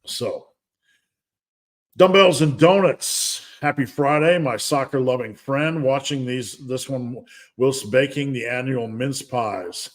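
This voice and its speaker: A middle-aged man hosts a live fitness Q&A stream, answering viewers in a loose, rambling way. He talks at an ordinary middle pitch and drifts into asides, often laughing at himself. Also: unhurried. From United States. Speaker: fitness coach and livestream host. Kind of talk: casual livestream Q&A.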